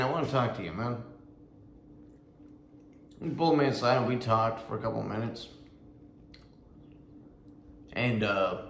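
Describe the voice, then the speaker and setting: A man's voice: on the low side, slight background noise. A man who served in the Army, casually telling a personal story in a rambling way, with lots of fillers, restarts and some swearing. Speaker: Army veteran vlogger. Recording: echoey room with faint ambience.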